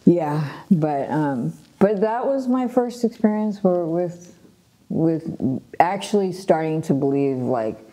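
A middle-aged woman from Los Angeles, a guest telling her life story in a casual, animated way, with frequent laughs, fillers and restarts. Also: fairly low pitch, slow pace. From Los Angeles, USA. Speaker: guest sharing her testimony.

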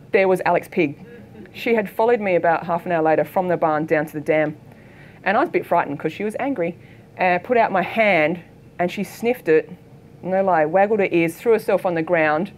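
A middle-aged Australian woman, a photographer giving a keynote talk, telling anecdotes in a lively way and acting out the voices of people in her stories. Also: medium pitch, a little hiss or hum. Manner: lively storytelling, acts out quoted voices. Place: lecture hall.

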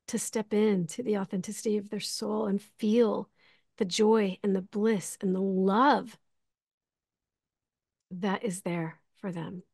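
Giving heartfelt closing remarks in a live online spiritual class on a video call, a woman gushes with emotion and giggles effusively. She has a mid-range voice with vocal fry and a darkish tone, recorded dry at studio quality.

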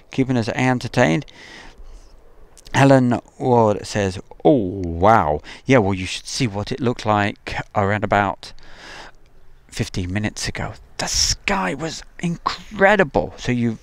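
A man hosting an outdoor live stream by an airfield, chatting casually and reading out viewer comments, joking and pausing with frequent ums. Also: medium pitch, creaky, clean tone. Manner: chatty, jokey, halting with many ums.

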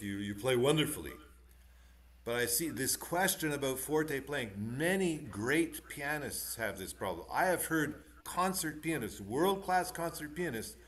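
A man teaching piano in an online masterclass. He is animated and encouraging, demonstrating as he goes and giving quick corrections. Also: mid-range voice. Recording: echoey room with piano playing.

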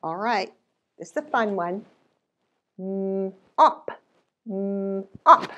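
A woman hosting a library storytime for preschoolers, talking in an animated sing-song that often drops into whispers. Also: mid-range voice, drawn-out words, long pauses. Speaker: children's storytime host.

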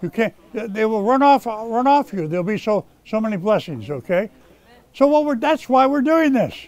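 A man preaching a sermon as pastor, swinging between loud scolding and hushed prayer. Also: sits high, very animated, normal speed. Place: rescue mission chapel.

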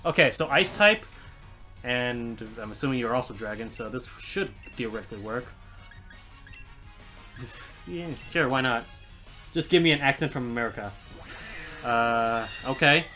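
Bright-voiced male gaming streamer. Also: mid-range voice, expressive, normal speed, long pauses, faint music behind. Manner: chatty, laughs often, jokes with chat. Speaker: let's play streamer. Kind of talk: live gameplay commentary.

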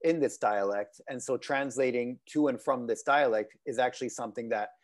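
A man's voice: mid-range voice, moderate pace. Swiss-raised man asking rambling questions. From Italian-speaking Switzerland. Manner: rambling, rephrasing questions as he goes. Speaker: interviewer host. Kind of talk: conversational interview.

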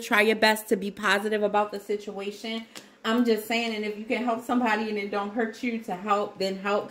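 Laughing woman reading tarot, echoey room. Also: mid-range voice. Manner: laughing, exclaiming, talks to viewers as y'all. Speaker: tarot reader. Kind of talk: casual tarot reading to camera.

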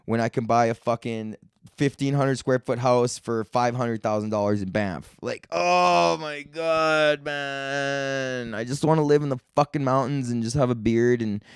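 A man's voice: mid-range voice, a little slow, smooth, no room sound, studio quality. A young man hosting his own comedy podcast, rambling in a laid-back, profane, slangy way. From Canada. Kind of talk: casual solo rant.

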